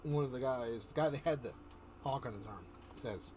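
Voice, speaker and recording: A man casually reading a comic story aloud to a live stream, with relaxed, chuckling asides. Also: medium pitch, normal speed, a little hiss or hum. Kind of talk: casual read-aloud narration.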